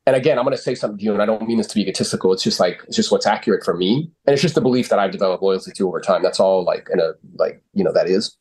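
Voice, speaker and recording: A man's voice: fairly low pitch, racing, few pauses, darkish tone, breathy edge. A man coaching real estate agents on sales calls, blunt and confident, swearing freely and using lots of fillers.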